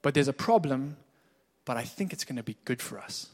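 Pastor preaching in an echoey hall. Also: male voice, medium pitch, lively intonation, brisk, a little mellow. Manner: conversational storytelling, candid and informal. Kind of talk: sermon. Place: church hall.

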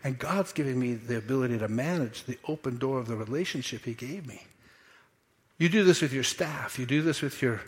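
A man preaching a sermon in church, animated and playful, acting out quotes and making asides to the congregation. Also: medium pitch, fairly quick. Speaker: pastor. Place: church sanctuary.

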